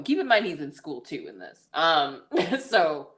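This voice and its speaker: A woman with a low voice talks through a movie's plot in a loose, casual podcast recap. She fills her sentences with "like" and "um" and laughs now and then. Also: sing-song, moderate pace, hardly any pauses, fairly bright tone. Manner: chatty, full of "like" and "um". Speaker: podcast co-host.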